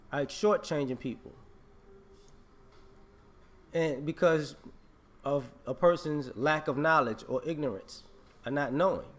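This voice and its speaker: A man vlogging a casual opinion rant, emphatic and repetitive, scolding and laughing. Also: fairly high pitch.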